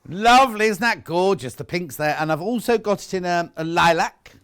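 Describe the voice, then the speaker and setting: A man hosting a live shopping channel, talking in a lively, bantering way. His voice sits a little high for a man and swings widely up and down as he jokes with the crew. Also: moderate pace, clear, resonant tone. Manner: chatty, bantering, chuckling asides.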